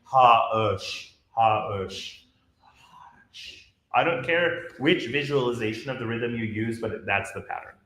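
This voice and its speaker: A man's voice: mid-range voice, expressive, moderate pace, few pauses, a bit bright. A man leading a choir rehearsal, explaining rhythm and diction and demonstrating phrases by speaking and singing them. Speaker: choir director. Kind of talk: rehearsal instruction. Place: rehearsal room. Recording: roomy echo with faint ambience.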